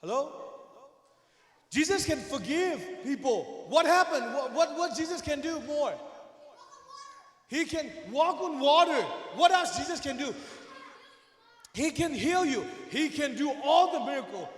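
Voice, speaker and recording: A man teaching children a Bible story, animated and often shouting, asking them questions along the way. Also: extremely high pitch, unhurried, pauses often. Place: church hall. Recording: echoey hall with long reverb.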